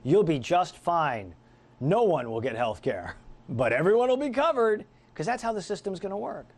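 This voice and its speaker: A middle-aged man hosts political talk radio in a combative, sarcastic monologue. His pitch sits a little high and swings widely as he mocks and jabs. He delivers it as an animated rant. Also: brisk. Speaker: radio talk show host.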